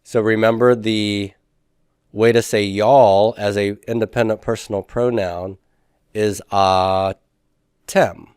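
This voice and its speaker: A man's voice: fairly low pitch, steady tone, slow, a little mellow, clean tone, no echo, studio quality. A man teaching a Hebrew grammar class, patiently asking students questions and confirming their answers.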